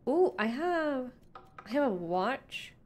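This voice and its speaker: Chatty higher-voiced woman streamer. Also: very animated, slow pace, darkish tone, slight background noise. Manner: chatty, asks her chat questions, laughs often. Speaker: game streamer. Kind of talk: casual live-stream chat while playing.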